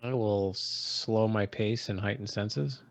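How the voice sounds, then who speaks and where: Low-voiced man playing his character tersely. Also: fairly even intonation, slow pace, no room sound. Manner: terse, firm, confrontational in character. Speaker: player. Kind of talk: in-character tabletop roleplay. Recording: dry, dull lo-fi mic.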